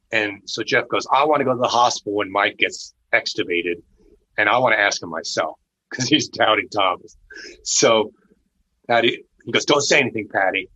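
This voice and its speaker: A man's voice: on the low side, bright, forceful tone, breathy edge. A man telling a personal story in a casual, earnest way, with frequent restarts, on a dull lo-fi recording. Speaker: storyteller sharing personal testimony.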